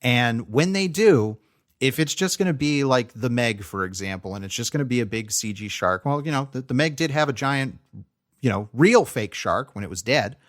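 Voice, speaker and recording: A young man riffs about films on a podcast, his sentences looping back on themselves with plenty of "um" and "like". His pitch sits in an ordinary middle range. The talk stays relaxed and conversational. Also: normal speed. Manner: rambling, frequent fillers and restarts. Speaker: podcast co-host. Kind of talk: casual movie review chat.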